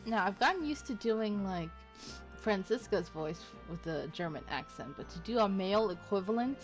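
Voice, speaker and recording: A woman's voice: mid-range voice, lively intonation, moderate pace, faint music behind. A woman giving chatty, giggly commentary as she plays a story game, with a tired throat from doing voices. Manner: chatty, giggly, self-deprecating. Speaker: gaming streamer. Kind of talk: casual let's-play commentary.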